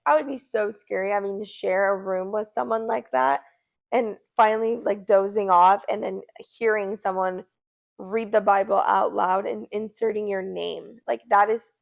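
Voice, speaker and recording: A woman's voice: mid-range voice, normal speed, creaky. A young woman co-hosting a podcast, telling a story casually and acting out the people in it. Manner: animated, acts out quoted voices. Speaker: podcast co-host.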